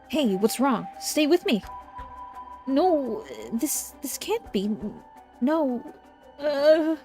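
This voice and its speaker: A woman's voice: sits high, animated, drawn-out words, a little mellow, soft background music. A woman streamer reading game dialogue aloud and reacting, easily frightened and jumpy. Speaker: streamer playing a horror visual novel.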